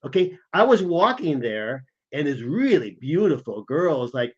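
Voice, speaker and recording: A man co-hosting a podcast, telling a travel story in an animated way and acting out what people said. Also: on the high side, normal speed, lo-fi sound. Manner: animated, acts out the quoted lines. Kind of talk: casual storytelling chat.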